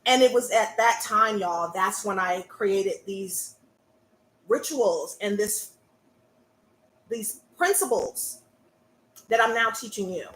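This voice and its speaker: A woman, a burlesque performer and coach talking live to her audience in a sassy, animated way. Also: medium pitch, takes it slowly, long pauses, roomy sound, rough recording. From American South. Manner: sassy and animated, calls out to listeners. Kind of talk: live-stream talk to an audience.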